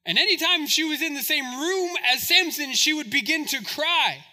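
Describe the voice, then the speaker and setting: A man's voice: extremely high pitch, animated, normal speed, pushed and bright. A male pastor preaching a sermon, with humorous, conversational asides to the congregation.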